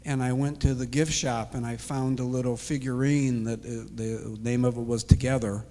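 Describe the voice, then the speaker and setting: A man's voice: mid-range voice, flat delivery, normal speed, dark tone. A retired man in his sixties telling an emotional personal story as an interview guest, acting out the dialogue. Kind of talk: personal testimony. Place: church sanctuary. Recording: long hall reverb.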